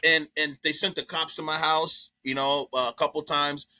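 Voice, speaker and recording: A comedian guest telling a story in casual chat, profane and animated, jumping into other people's voices as he goes. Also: a little high, moderate pace.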